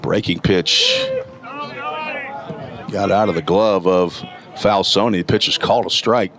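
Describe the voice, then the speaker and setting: A man with a gravelly morning voice calling college baseball play-by-play, reading stats in a steady, detailed way. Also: deep voice, slow, crowd noise. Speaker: play-by-play announcer. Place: outdoor college ballpark.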